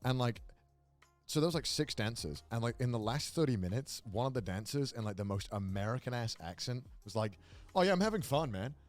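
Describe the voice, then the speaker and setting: A man chatting casually with friends, telling animated stories and acting out what people said. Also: mid-range voice, fairly quick, faint music behind. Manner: animated storyteller, acts out quotes. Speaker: streamer. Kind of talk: casual podcast chat. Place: lives in Japan.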